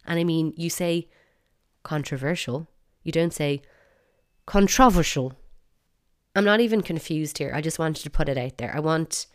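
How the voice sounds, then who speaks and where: A woman with an Irish accent talks her listeners through her podcast with a deep, low-pitched voice. She is chatty and opinionated and leans playfully on words she wants to stress. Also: a little mellow, smooth. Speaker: podcast host. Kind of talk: solo podcast monologue.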